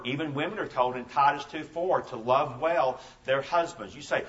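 A man's voice: mid-range voice, moderate pace, hardly any pauses, fairly bright tone, distant mic. A man in his fifties preaching a sermon as a pastor, telling stories emphatically and repeating his key phrases. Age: 50s. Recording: dull lo-fi sermon recording.

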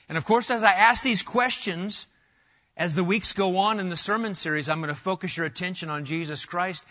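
A middle-aged man preaching a sermon as pastor, animated, swinging between loud emphasis and soft asides. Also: sits high, fairly quick, lo-fi sound.

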